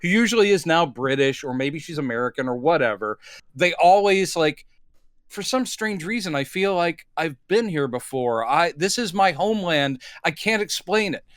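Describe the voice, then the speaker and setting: A man's voice: fairly high pitch, lively intonation, moderate pace, fairly bright tone, clean tone, no room sound, clean studio sound. A man co-hosting a comedy podcast, picking apart an old movie with sarcastic asides. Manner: sarcastic, mocks the film with quoted lines. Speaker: podcast co-host. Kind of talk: casual comedy movie chat.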